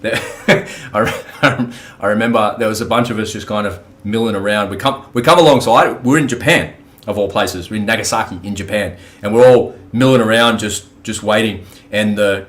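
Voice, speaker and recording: A man's voice: lowish voice, fairly bright tone. Blunt man with coarse storytelling. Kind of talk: casual conversation.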